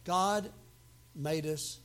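Pastor, male, high-pitched, emphatic sermon delivery that swings from quiet asides to loud outbursts. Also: drawn-out words, clean tone. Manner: emphatic preaching with sudden loud outbursts and humor.

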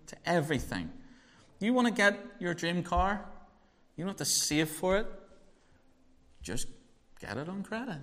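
A man's voice: sits high, fairly bright tone. A man, a pastor leading a prayer and preaching a conversational sermon full of rhetorical questions. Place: church hall. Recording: reverberant church hall.

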